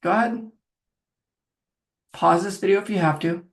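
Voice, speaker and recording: Gravelly-voiced man coaching a listener. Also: high voice, moderate pace. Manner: directive, coaching, talks viewer through steps. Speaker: phobia coach. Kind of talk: guided self-help exercise.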